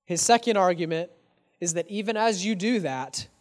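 A pastor delivers an earnest sermon in a church, his high-pitched male voice moving at normal speed. He poses rhetorical questions and addresses the congregation in a direct, casual way.

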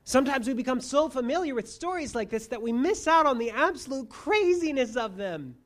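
A preacher giving a sermon, moving between quiet asides and loud emphasis and asking the listeners rhetorical questions. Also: high voice, animated, fairly quick. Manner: addresses listeners as friends, asks rhetorical questions.

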